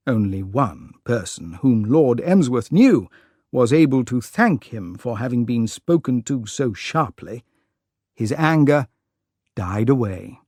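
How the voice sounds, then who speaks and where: An audiobook narrator reading a classic story slowly and clearly for English learners, with an expressive delivery. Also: medium pitch, no room sound, studio quality.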